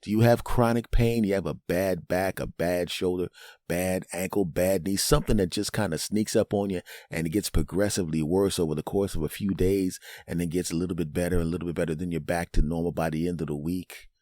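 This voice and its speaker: A man's voice: sits low, fairly even intonation, fairly quick, a little mellow, dry recording, studio quality. A man hosting a comedic podcast monologue, rambling through jokey asides and often tossing in a "right?". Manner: rambling, keeps asking "right?". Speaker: podcast host.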